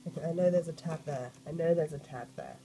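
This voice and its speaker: Croaky woman with a cold. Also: sits low, fast talker, soft background music, poor audio. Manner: chatty, gushing and excitable. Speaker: art vlogger. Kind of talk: casual unboxing vlog.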